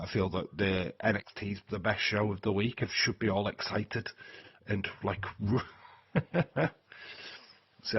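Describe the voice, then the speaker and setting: A man with a low, husky voice chats bluntly with his viewers during a live watch-along stream. He swears freely and laughs at his own jokes. The sound is dull and lo-fi. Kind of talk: casual live-stream chat reading viewers' comments.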